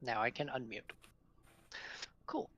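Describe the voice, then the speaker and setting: A man's voice: mid-range voice, slow pace, a bit bright, dull audio. A man playing in a tabletop game, chatting casually and a bit sheepishly over a voice call. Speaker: player.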